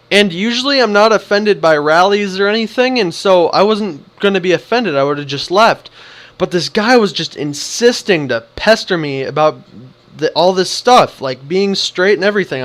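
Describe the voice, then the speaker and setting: Young guy vlogging a story, high voice, acts out the quotes. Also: fairly bright tone. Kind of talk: casual storytelling.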